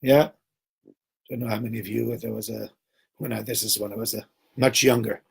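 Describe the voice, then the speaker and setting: A man's voice: lowish voice, a little fast, gravelly, breathy edge. A man giving an informal Torah talk to a group, acting out the dialogue in his stories. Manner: animated storyteller, acts out dialogue. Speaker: teacher.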